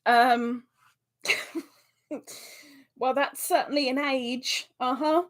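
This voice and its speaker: Unhurried, high-voiced woman hosting a live stream. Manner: chatty, reads out and answers viewer comments; excitable exclamations. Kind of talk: casual live-stream chat.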